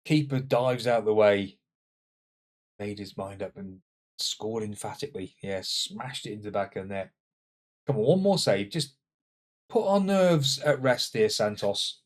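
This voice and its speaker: A man commenting on his own football management game, swinging between loud exclamations and muttered asides. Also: lowish voice, unhurried. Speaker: gaming channel host. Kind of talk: let's-play commentary.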